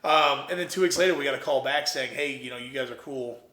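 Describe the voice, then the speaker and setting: A young man from Ohio, an entrepreneur guest, telling his story in a casual, animated way and acting out what others said. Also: mid-range voice, fast, reverberant. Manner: animated, quotes himself and others in lively voices.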